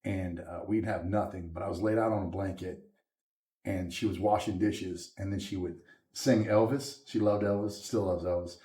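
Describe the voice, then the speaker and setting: Southern male guest, low voice, lively storyteller, roomy sound. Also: normal speed. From Louisiana. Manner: animated storyteller, laughs often. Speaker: guest musician. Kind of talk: casual interview chat. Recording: echoey room.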